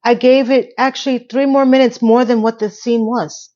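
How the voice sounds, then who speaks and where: A woman's voice: on the high side, fairly even intonation, moderate pace, dark tone. A woman in a casual TV recap vlog, rambling in a sarcastic, playfully exasperated way. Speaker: TV recap YouTuber. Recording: slightly dull lo-fi audio.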